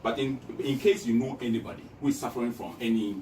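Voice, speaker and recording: A man's voice: medium pitch, fast talker, darkish tone. A man from Ghana talking emphatically as an interview guest, repeating his points like a campaigner. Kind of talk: casual interview talk. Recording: echoey room, distant mic, noisy.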